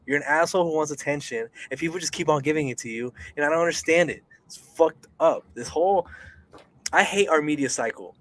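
A man's voice: a little high, expressive, fairly quick, a bit bright. A young man co-hosting a casual podcast, ranting in a heated, profane way with frequent sighs. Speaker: podcast co-host.

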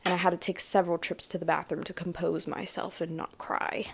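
A woman co-hosting a podcast in casual chat, talking in a chatty, animated way. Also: lowish voice, fairly quick, vocal fry, a little hiss or hum. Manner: chatty, animated, tired after long workdays. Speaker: podcast co-host.

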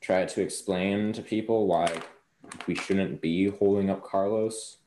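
A man's voice: low voice, fairly even intonation, measured pace, dark tone, a little hiss or hum. A man leading a casual tabletop role-play discussion, asking pointed questions and teasing the players.

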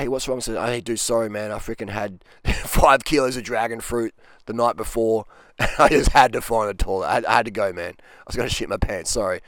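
A man's voice: fairly low pitch, no room sound. A man giving blunt dating advice in a rambling casual monologue, often acting out quoted voices.

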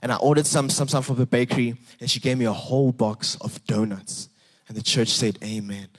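A young man preaching a sermon, earnest and animated, repeating words and rising for emphasis. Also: mid-range voice, fairly quick. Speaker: pastor.

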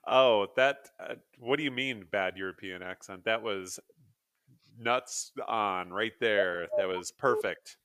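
Low-voiced chatty male podcast host. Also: slow pace, fairly bright tone, clean tone, no echo, clean studio sound. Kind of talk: casual chat.

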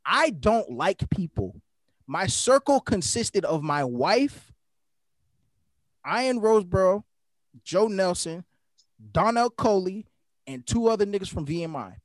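A man's voice: high-pitched, very animated, unhurried, long pauses, no echo, studio quality. A young man in casual chat with friends, emphatic and heartfelt, cursing freely and repeating himself for weight.

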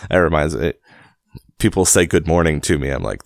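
A man's voice: very deep voice, sing-song, brisk, gravelly, no echo, studio quality. A man hosting a casual podcast, reading a book aloud at home in his basement late at night and rambling with a self-deprecating, laughing manner. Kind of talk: casual storybook reading and chat.

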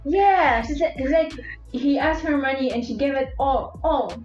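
A young woman with a fairly high voice tells stories in a lively, laughing way, often stopping and restarting. Her voice rings in an echoey room. Faint music plays underneath. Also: moderate pace. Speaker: guest. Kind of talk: casual chat.

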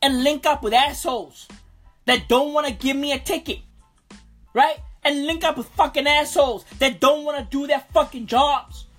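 A woman in a profane comic rant, full of slang, repeated lines and loud exasperated outbursts. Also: high voice, normal speed, soft background music. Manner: slangy, swearing, repeating itself. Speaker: ranting vlogger.

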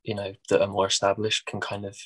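A man's voice: lowish voice, completely flat delivery, quick pace. A young English man with a Midlands accent, a musician chatting casually in an interview with lots of fillers and restarts. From England.

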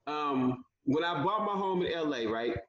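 A man telling a long story in a casual interview, animated, often acting out what people said. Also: on the high side, moderate pace, reverberant, highs cut off. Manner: animated storyteller, acts out quotes. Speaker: guest.

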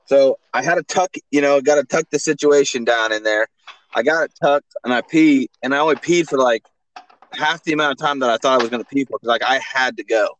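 A man's voice: mid-range voice, brisk, a bit bright, poor audio. A man co-hosting a podcast, telling crude stories in a joking, slangy way. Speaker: podcast co-host. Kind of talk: casual chat.

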